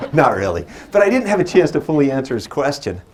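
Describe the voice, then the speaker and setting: A man's voice: on the high side, very animated, moderate pace, noisy background. A man in his forties performing as a magician. He uses a stage microphone and mixes playful stories with teasing banter with his audience. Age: 40s. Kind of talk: live stage patter with storytelling.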